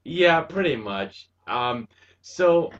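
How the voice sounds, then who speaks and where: Male host, from Wisconsin, unhurried delivery, excitable and gushing, laughs easily. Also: on the high side, dull audio. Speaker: show host reviewing a cartoon episode. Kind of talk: casual review chat.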